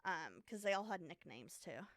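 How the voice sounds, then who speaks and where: A woman co-hosting a podcast casually tells a true crime story, with lots of fillers and self-deprecating asides. Her lowish voice swings widely in pitch at a moderate pace, and the recording is dry.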